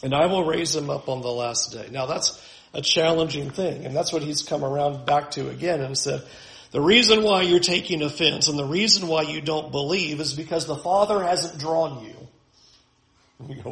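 Emphatic high-voiced male preacher. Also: animated, moderate pace, a bit bright, echoey room, rough recording. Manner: emphatic, building lists with rising force. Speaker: pastor. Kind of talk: sermon.

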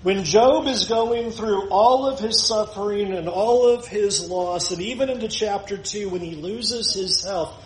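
A male pastor with a high-pitched voice delivers an emphatic sermon, slipping into the voices of the people he quotes. The sound has a roomy echo, as in a church sanctuary. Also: measured pace, few pauses, slight background noise.

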